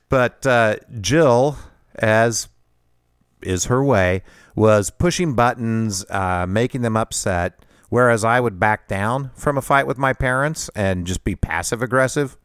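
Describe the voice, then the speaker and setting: Hosting a podcast, a middle-aged man shares a personal story, conversational and self-deprecating, with frequent laughs. His mid-range voice is smooth, recorded cleanly in a studio without any room sound.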